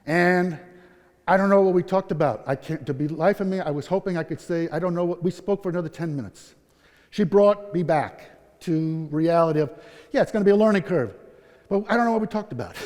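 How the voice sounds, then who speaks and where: A man's voice: sits high, moderate pace, darkish tone. A middle-aged man speaking candidly at a conference, telling a personal story with self-deprecating humor. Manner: candid, self-deprecating, quotes people in their voices. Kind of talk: personal story told on stage. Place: conference hall. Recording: long hall reverb.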